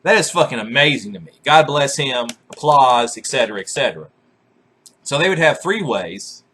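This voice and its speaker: Vlogger, man in his 20s, husky bright voice, crude and profane, laughing through raunchy stories. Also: mid-range voice, big pitch swings, normal speed. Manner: profane, laughs often, bursts into loud acted shouts. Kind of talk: crude comic storytelling.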